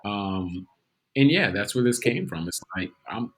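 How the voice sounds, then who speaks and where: A man's voice: lowish voice, expressive, a little slow, slightly rough. A man guesting on a podcast as an actor, telling stories in a laid-back, joking way. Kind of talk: casual interview chat.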